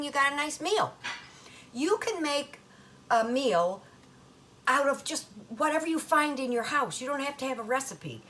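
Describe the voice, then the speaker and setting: A woman's voice: high voice, lively intonation, normal speed, pushed and bright, a little hiss or hum. An older woman hosting a home cooking demonstration in her kitchen, talking in a chatty, folksy Italian-American grandmother way.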